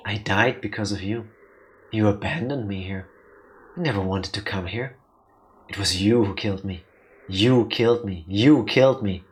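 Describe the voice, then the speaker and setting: A man doing a low, accusing shadow spirit. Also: normal speed, slight background noise, natural voice. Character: dark shadow spirit posing as a dead bird, accusing.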